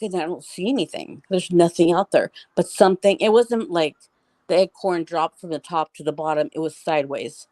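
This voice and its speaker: A woman's voice: lowish voice, darkish tone, no echo. A middle-aged woman telling a story as an interview guest, in a rambling, casual way full of "like" and restarts.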